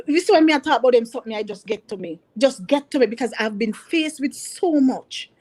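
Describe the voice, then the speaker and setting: In a rough recording, a woman teacher with a Jamaican accent gives an impassioned, earnest talk to parents, stressing and repeating her points and blending in patois. Her fairly high voice is expressive and darkish in tone, and she speaks a little fast.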